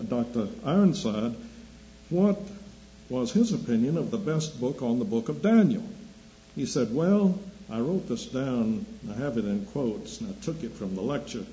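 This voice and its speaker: Older male preacher, deliberate anecdotal delivery; muffled lo-fi recording. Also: mid-range voice, mellow. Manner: slow deliberate storytelling, dry humor. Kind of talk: sermon with anecdotes. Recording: dull lo-fi recording with faint hum.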